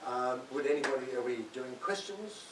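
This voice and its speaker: Speaking at a library hall, an older Australian author gives a chatty, self-mocking talk and often laughs at his own jokes. His medium-pitched voice has lively intonation and normal speed, and the recording is distant and echoey with hiss.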